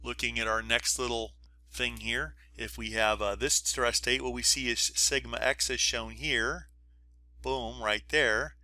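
Bright-voiced man explaining diagrams. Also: medium pitch, level tone, a little slow. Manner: explanatory, walks through diagrams step by step; informal asides and checks with listeners. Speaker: engineering professor. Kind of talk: recorded lecture.

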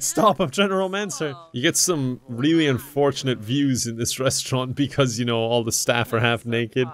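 A young gaming commentator with a medium-pitched, slightly bright voice talks a little slowly. He laughs often, swears, and jokes with the on-screen characters, addressing them in silly mock voices during casual gameplay commentary.

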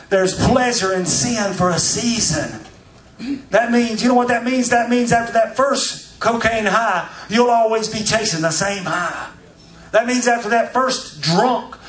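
A man preaching a sermon as pastor, building to shouts as he goes. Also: sits high. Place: church. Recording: echoey church from far off.

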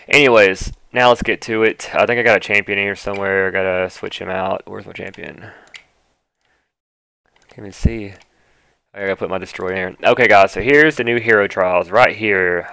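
A man giving casual, excitable commentary on a video game as its gaming YouTuber, exclaiming and mocking what he sees on screen. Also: low voice, vocal fry, no room sound. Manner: excitable and exclamatory, quick to mock and laugh.

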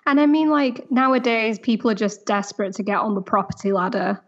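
A woman on a podcast speaking a little high, with a chatty flow packed with fillers. Her mic sounds dull and lo-fi. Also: brisk. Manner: chatty, heavy use of "like". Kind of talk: casual comedic chat.

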